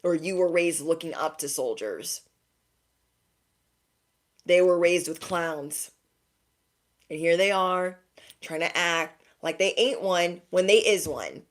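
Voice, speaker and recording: A woman's voice: fairly low pitch, takes it slowly, pauses often. A young woman giving a direct-to-camera spiritual pep talk as an intuitive reader, emphatic and slangy, often checking in with "okay?".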